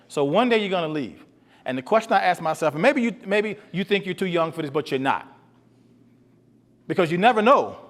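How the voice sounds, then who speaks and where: Earnest man speaking to boys in a hall. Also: on the high side. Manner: earnest, repeats himself, asks the audience questions. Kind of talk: motivational talk. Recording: long hall reverb.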